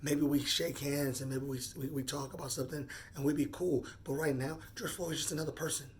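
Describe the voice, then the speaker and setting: A man in his forties speaking off the cuff in a personal monologue, earnest and halting, often repeating words as he gathers his thoughts. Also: a little high, fairly even intonation, slight background noise. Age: 40s. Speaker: vlogger.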